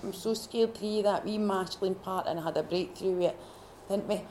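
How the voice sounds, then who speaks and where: Scottish woman sharing her story at a retreat, heartfelt, stops and restarts a lot, mid pitch. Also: fairly even intonation, a little mellow, a little hiss or hum. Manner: heartfelt, halting, with many restarts. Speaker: retreat participant sharing testimony. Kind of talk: personal faith testimony. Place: retreat gathering room.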